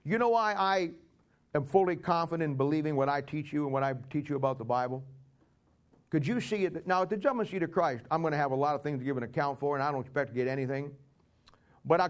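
Male pastor delivering a sermon, emphatic and sarcastic, with a somewhat high voice. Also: fast talker.

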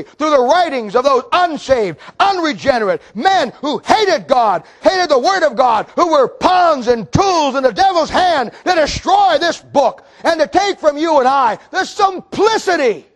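A man with a very high voice preaches with mocking, sarcastic asides. He swings into fervent shouting at the congregation. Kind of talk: sermon.

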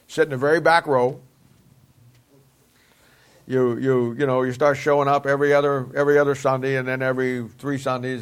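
A man teaching a Bible lesson in a folksy, conversational preaching style, asking his listeners rhetorical questions. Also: medium pitch.

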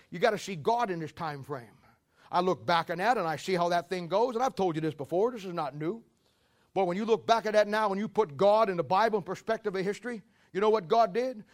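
A male preacher delivers a fiery sermon with rhetorical questions, and he tells his history as a story. His voice sits high for a man, and he climbs even higher and louder at his peaks. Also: fast.

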